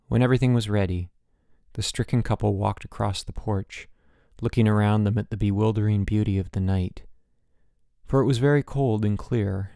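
A man narrating a literary audiobook in a measured, quiet and somber reading. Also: lowish voice, gravelly, no room sound, clean studio sound.

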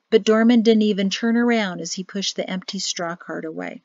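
A woman author reading her own novel aloud in steady audiobook narration. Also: mid-range voice, normal speed, few pauses, no room sound. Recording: dull lo-fi dry audio.

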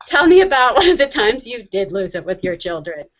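A woman with a fairly high voice hosting a live online chat show. She talks in a chatty, rushed way, and the recording sounds dull and lo-fi. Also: big pitch swings, a bit bright. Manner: chatty, rushes through announcements. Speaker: host.

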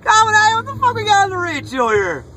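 Young male vlogger, very high and bright voice, loud and foul-mouthed, rambling fast on a handheld phone in a parked car. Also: wildly swooping pitch, a little hiss or hum, poor audio. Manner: loud, profane, hyped-up rambling. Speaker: sports card collector vlogger. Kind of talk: casual mail-day vlog. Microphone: phone camera held in hand.

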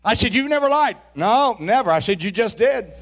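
In a church sanctuary, a male pastor with an extremely high, expressive voice preaches at a moderate pace. His sermon rises to shouted peaks, calls for congregational responses and includes folksy, humorous asides.

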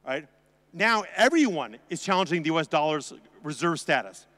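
A man's voice: fairly high pitch, very animated, moderate pace, pushed and bright. A man giving a conference talk in a sarcastic, joking, conversational way, with a long hall reverb on the recording. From United States. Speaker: conference speaker.

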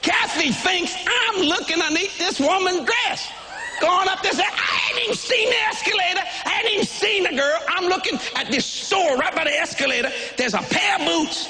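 A man preaching a sermon, telling a comic story in a folksy, animated way, often shouting and laughing. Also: extremely high pitch, moderate pace, faint music behind. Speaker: pastor.

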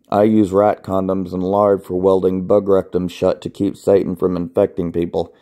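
Deep-voiced young man, deadpan reader. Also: moderate pace, hardly any pauses. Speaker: fanfiction author reading his own story. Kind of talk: deadpan reading of absurd comedy fanfiction.

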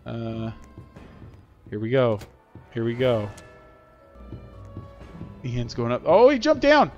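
A man's voice: medium pitch, wildly swooping pitch, slow, darkish tone. A middle-aged man hosting a game livestream, chatting upbeat with viewers and cheering on players. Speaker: livestream host. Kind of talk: casual gameplay commentary. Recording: slightly dull lo-fi audio with faint game music.

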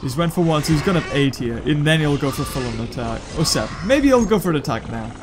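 A man giving excitable gameplay commentary, thinking out loud and breaking into sudden high yelps. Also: fast talker, background noise. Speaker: gaming YouTuber. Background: game music.

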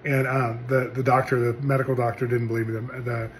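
A middle-aged male pastor telling a personal testimony in an earnest, animated storytelling way. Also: medium pitch, fairly quick, slight background noise. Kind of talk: testimony sermon.

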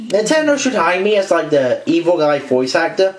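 A man's voice: fairly high pitch, sing-song, normal speed, hardly any pauses, roomy sound, soft background music, poor audio. A man giving rambling, joking commentary over a video game. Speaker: gameplay commentator. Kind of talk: casual gameplay commentary.

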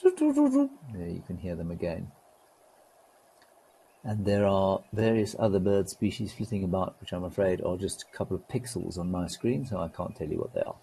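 A man hosting a live wildlife stream, talking in a relaxed, gently wry way and greeting viewers. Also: low voice, normal speed, creaky, husky, low-quality recording.

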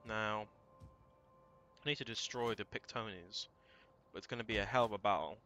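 A man thinking aloud through a strategy game, casual and prone to swearing and sudden shouts. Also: lowish voice, normal speed, faint music behind. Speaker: let's play gamer. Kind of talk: casual gameplay commentary.

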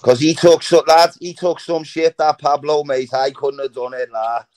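A man's voice: fairly high pitch, fairly even intonation, normal speed, a little mellow. A man on a live stream, talking earnestly and ending lines with "lad" and "mate". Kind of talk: casual live-stream discussion.

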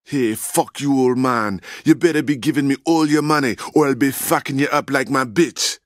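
An actor playing a young street gang thug who mocks and threatens. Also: male voice, medium pitch, moderate pace, no room sound, clean studio sound, lightly acted. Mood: sneering. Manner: sneering and mocking.

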